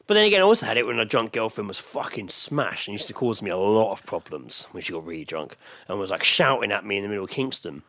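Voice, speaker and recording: A man co-hosting a casual podcast, speaking very quickly. He rattles through anecdotes, swears freely and acts out the voices of the people in his stories. The recording is close and dry, with no room sound. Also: fairly low pitch, big pitch swings, fairly bright tone, dry recording. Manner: rapid storytelling, swearing, acting out quotes. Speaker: podcast co-host. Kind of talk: casual chat.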